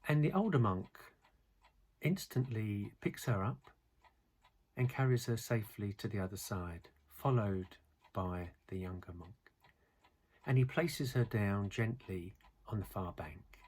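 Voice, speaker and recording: Male mindfulness teacher, low husky voice, calm and measured delivery. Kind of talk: guided mindfulness lesson.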